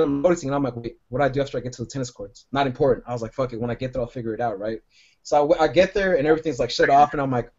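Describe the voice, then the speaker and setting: A man's voice: on the high side, a little mellow. A man telling a long rambling story on a podcast, swearing a lot and padding it with "like" and "right?". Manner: rambling, profane, lots of "like" and "right?". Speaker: podcast co-host. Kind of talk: casual storytelling. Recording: dull lo-fi sound.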